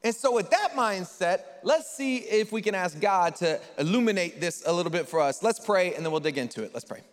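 A man preaching a sermon to a live congregation in a church, energetic and joking as he talks with the crowd. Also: high voice, a little fast. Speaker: pastor. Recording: long reverb of a large hall.

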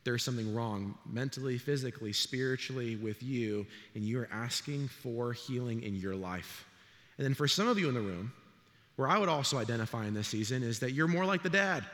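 A man's voice: mid-range voice, a little fast, in a large hall. A middle-aged man, a pastor, preaching a sermon in a church and telling stories with acted-out voices. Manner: animated storytelling, acts out voices. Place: church sanctuary.

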